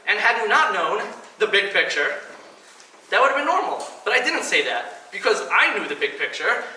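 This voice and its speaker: Guy in his 30s telling his story to a crowd, high bright voice, echoey hall, mic a bit far off. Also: sing-song, normal speed. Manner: earnest storytelling, acts out quoted voices. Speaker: speaker at a kidney donation event. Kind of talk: personal speech to an audience. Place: event hall. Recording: echoey hall, mic at a distance, faint noise.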